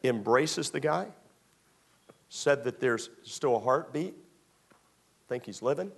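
A man's voice: mid-range voice, expressive, slow, gravelly, breathy edge. A male pastor preaching a sermon to young people in a church, retelling a story in a conversational way, repeating phrases and acting out small scenes. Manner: repetitive, conversational, acts out scenes.

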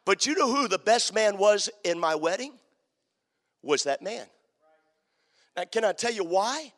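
Male preacher, high animated voice, dramatic sermon storytelling, long hall reverb. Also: a little slow. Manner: dramatic, swings from loud to hushed.

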